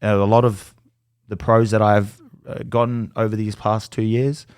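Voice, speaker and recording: A young Australian man guests on a podcast, telling casual stories with animation, plenty of swearing, and acted-out quotes from other people. His lowish, smooth voice moves at a moderate pace in a dry, studio-quality recording.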